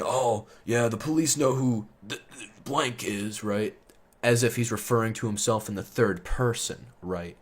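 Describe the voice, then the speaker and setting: A young man telling a casual storytime monologue, rambling and swearing, full of fillers, heating up when indignant. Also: lowish voice. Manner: rambling, profane, heavy on fillers; gets loud and heated when indignant.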